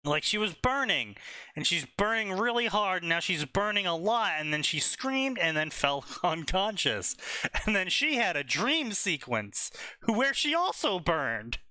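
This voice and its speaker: A man reads fanfiction aloud for a comedy stream, skipping ahead with sarcastic asides and many fillers. His voice is bright and crisp, a little higher than most men's. The recording is dry and close. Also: very animated, measured pace, no echo. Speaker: host reading fanfiction aloud. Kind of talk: casual comedic reading and commentary.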